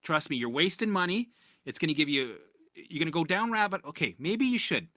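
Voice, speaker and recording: A man's voice: fairly high pitch, fairly quick, dry recording, studio quality. A man hosting a casual live-stream Q&A as a recovery coach, talking bluntly with swearing and frequent restarts. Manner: blunt, profane, animated, with lots of restarts.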